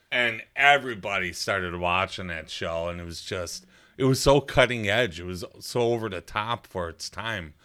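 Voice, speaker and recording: A man with a very low voice and a bright, forceful edge to it, talking casually with friends. He tells stories with animation and now and then slips into cartoon voices. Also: smooth. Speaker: podcast co-host. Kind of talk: casual chat.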